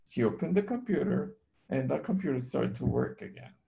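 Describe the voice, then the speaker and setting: Earnest man with a gravelly voice. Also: medium pitch, animated, mellow, muffled recording. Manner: earnest, halting with repeated words. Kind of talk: casual storytelling on a call.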